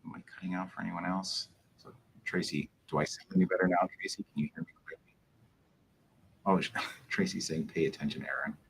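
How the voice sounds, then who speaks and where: A man, a police officer, hosting a casual livestream Q&A, talking in a rambling, halting way full of fillers. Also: sits low, fairly even intonation, vocal fry, a little hiss or hum, poor audio.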